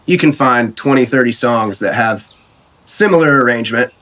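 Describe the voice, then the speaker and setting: Man from Idaho, songwriter guest, relaxed, mid-pitched voice, short replies. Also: normal speed. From Idaho, USA. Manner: easygoing, short agreeing replies. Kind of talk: casual interview chat.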